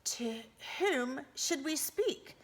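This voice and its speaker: A woman's voice: high voice, animated, very slow, voice pushed up, exaggerated voice. A woman doing a poor, doubtful man with a harelip. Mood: doubtful, questioning.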